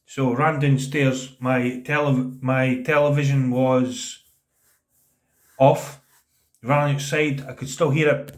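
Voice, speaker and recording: A man in his thirties talking to camera in a vlog, earnest and a little halting. He repeats words as he goes and lowers his voice to quote what people said. His pitch sits in an ordinary middle range. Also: little pitch movement. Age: 30s. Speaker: vlogger telling a personal story. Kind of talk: casual spoken storytelling.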